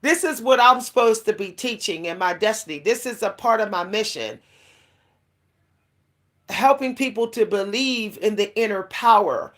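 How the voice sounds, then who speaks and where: A woman's voice: medium pitch, animated, normal speed, fairly bright tone. A woman speaking to her listeners in a casual spiritual monologue, her voice sitting in an ordinary middle range. She rambles in a confiding way, with plenty of fillers and restarts, and laughs now and then as she talks. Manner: confiding, addresses listeners directly. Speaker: spiritual vlogger.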